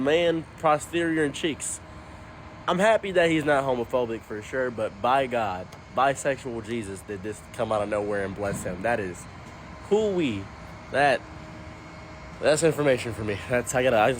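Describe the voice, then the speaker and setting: A man telling a funny story about his grandfather, acting out the quotes with lively shifts in voice. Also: mid-range voice, normal speed, slight background noise. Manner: animated, puts on voices for quotes. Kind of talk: comedic storytelling.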